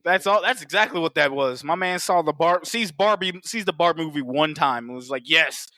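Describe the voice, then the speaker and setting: A man in casual podcast chat about a movie, profane and animated, acting out bits of scenes. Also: a little high, fairly quick, no echo, clean studio sound. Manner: profane, animated, acts out monster voices.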